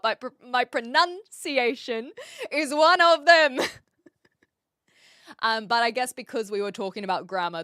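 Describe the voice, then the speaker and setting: A woman's voice: a little high, fairly bright tone, dry recording, studio quality. A woman with a New Zealand accent chatting casually on a live stream from her home setup, laughing often as she reads and answers chat.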